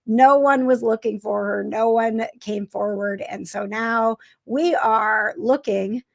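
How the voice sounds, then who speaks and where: A woman's voice: a little high, slow pace, gravelly. A middle-aged woman hosting a casual live stream, emotional and gushing, with many uhs and restarts. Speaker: host.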